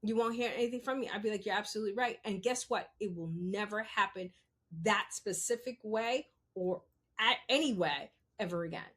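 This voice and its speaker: In this unscripted solo podcast segment, a woman speaks in a mid-range, fairly bright voice at a moderate pace. She's emphatic and doesn't hold back on swearing, addressing listeners head-on and repeatedly checking in with "You understand?"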